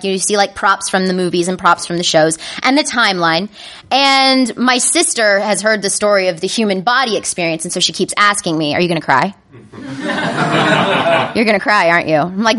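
A woman telling a funny personal story to an audience, animated and self-mocking, acting out her own panicky inner voices. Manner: acts out her inner voices with sudden high-pitched panic.

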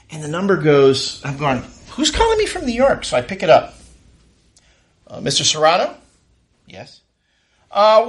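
A man telling a comic story on stage, acting out what others said. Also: sits high. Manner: animated, acts out quotes of others. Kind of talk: stand-up storytelling. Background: audience laughter.

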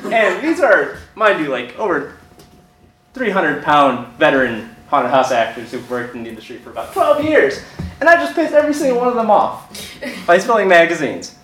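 Young male storyteller, lively delivery, echoey hall, distant mic. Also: high-pitched, moderate pace. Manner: animated, laughing through his story. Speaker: storyteller on stage. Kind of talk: stand-up storytelling. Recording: echoey hall, mic from afar, audience noise.

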